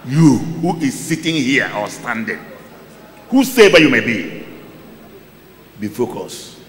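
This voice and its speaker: Male pastor, animated sermon, wildly swinging pitch, slow deliberate delivery, bright voice, echoey church hall. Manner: preaching with call-and-response to a Bible reader; dramatic, swings from loud exclamations to low asides.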